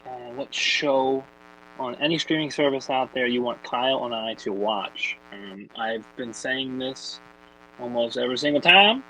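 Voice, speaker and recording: A man with a Philadelphia accent co-hosting a casual podcast, laid-back and quick with interjections. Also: medium pitch, pushed and bright, slight background noise, low-quality recording. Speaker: podcast co-host.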